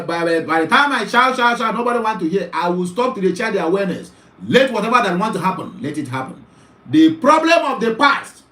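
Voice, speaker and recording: Urgent high-voiced Nigerian man. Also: fairly bright tone, roomy sound. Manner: pleading, urgent, repetitive. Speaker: online talk show host. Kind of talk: impassioned commentary monologue.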